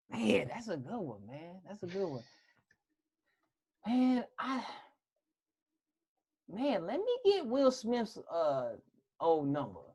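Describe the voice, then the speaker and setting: A podcast co-host with a very lively, up-and-down voice, telling stories in loose, slangy chat. The pitch sits in the middle. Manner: animated storytelling, slangy. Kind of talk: casual chat.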